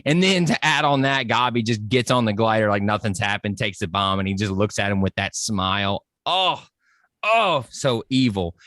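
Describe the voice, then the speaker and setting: A man talking excitedly about a movie in a casual discussion, close to his microphone, animated and jumping into high exclamations. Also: normal speed, no echo. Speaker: pop culture podcast guest.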